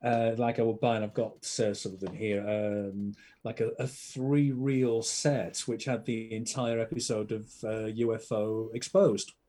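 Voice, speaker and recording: A man's voice: fairly low pitch, steady tone, a little slow, hardly any pauses, warm tone. A man chatting as a podcast guest, enthusiastic and rambling with plenty of fillers. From Britain. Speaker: podcast guest, film collector. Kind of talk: casual chat.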